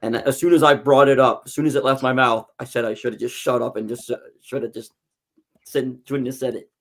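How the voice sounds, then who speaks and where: A man appears as a guest on a casual podcast, a figure from a wrestling promotion, telling long fan stories. He talks a little fast in a mid-range voice with fairly even intonation, rambling through plenty of restarts and false starts.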